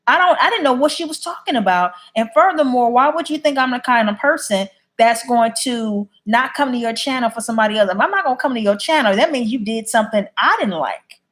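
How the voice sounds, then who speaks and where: A woman's voice: fairly high pitch, lively intonation, brisk, few pauses, fairly bright tone. A woman chatting casually on a livestream, reading viewer comments and answering them bluntly. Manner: blunt, opinionated. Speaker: YouTube live streamer.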